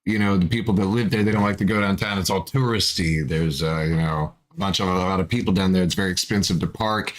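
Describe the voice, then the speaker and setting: A man's voice: low-pitched, fast, few pauses. A man from Arkansas, a guest musician on a casual livestream, telling rambling jokey stories. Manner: rambling jokey storytelling, many restarts.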